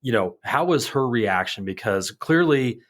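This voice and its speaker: A man's voice: mid-range voice, expressive, measured pace. A man co-hosting a podcast, asking friendly leading questions and often ending with "right?". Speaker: podcast co-host. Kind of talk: casual interview chat.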